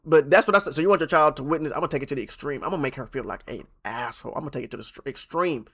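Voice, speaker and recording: A man's voice: fairly high pitch, racing, fairly bright tone. A male streamer who reads posts aloud on a live stream and reacts bluntly, swearing freely and repeating himself for effect.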